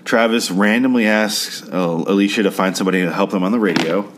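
A man with a fairly low voice recaps a TV episode quickly, in a crude, sarcastic and rambling spoken style. Now and then he mimics the characters.

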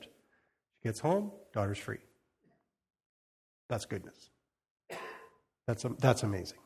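A preacher delivers an informal sermon, reading scripture and retelling it conversationally while acting out quotes and chuckling along the way. His husky mid-range voice runs a little slow, with frequent pauses.

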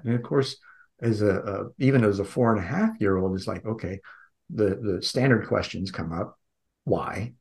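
A man being interviewed on a podcast, telling a personal story in an earnest, gentle way with frequent restarts. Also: on the low side. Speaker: podcast guest.

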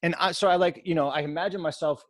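A man's voice: fairly high pitch, fast talker, no echo, clean studio sound. Rambling storytelling podcast host, man. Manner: rambling, animated, self-interrupting storyteller. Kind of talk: casual storytelling chat.

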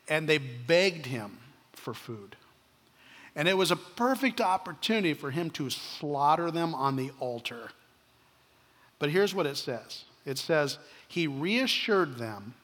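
Earnest preaching man in a hall. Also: a little high. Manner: earnest preaching, slows down for emphasis, soft asides. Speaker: pastor. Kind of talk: sermon. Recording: reverberant hall.

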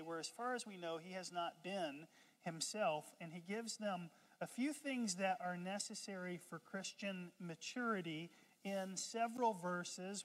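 A pastor preaching a sermon in a conversational way, calling on the congregation to repeat lines and breaking into lively asides. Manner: conversational preaching with call-and-response; animated, jumps high in pitch and loudness for humorous asides. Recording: long hall reverb.

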